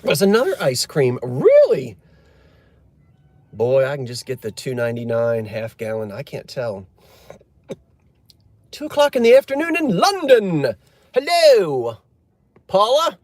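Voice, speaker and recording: A man's voice: mid-range voice, wildly swooping pitch, a little slow, long pauses, a little mellow, no echo. A man chatting casually on a live stream, joking and answering viewer comments. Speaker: livestream host.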